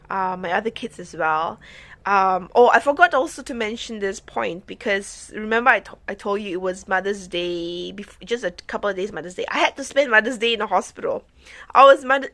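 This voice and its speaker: A woman's voice: mid-range voice, fairly bright tone, no echo. A woman vlogger and mother chatting casually in a rambling story-time vlog, with many restarts and fillers.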